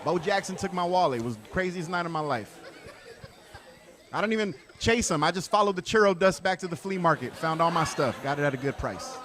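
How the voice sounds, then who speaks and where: A man's voice: a little high, a little fast, some chatter behind, a little hiss or hum. Man comic with a raised, easy voice. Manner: conversational, deadpan punchlines, many asides. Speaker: stand-up comedian. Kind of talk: stand-up set.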